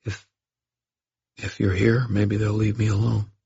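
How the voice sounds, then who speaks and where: A man voicing a frightened young boy who stammers and talks quietly. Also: fairly low pitch, level tone, measured pace, vocal fry, husky, no echo, highs cut off, heavily acted. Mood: fearful.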